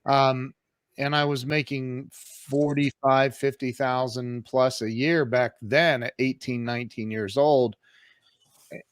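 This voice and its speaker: Fifties male guest, mid-pitched, candid and emphatic, recorded dry. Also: steady tone, slow, smooth, dry recording. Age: 50s. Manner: candid, emphatic, acts out quoted exchanges. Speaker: podcast guest. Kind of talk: casual storytelling in an interview.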